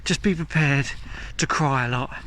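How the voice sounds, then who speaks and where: Out on a countryside walk, a vlogger films himself on a handheld camera and chats casually and candidly. His voice is medium-pitched and a bit bright, at a moderate pace. Faint outdoor ambience sits behind him, along with a little hiss or hum.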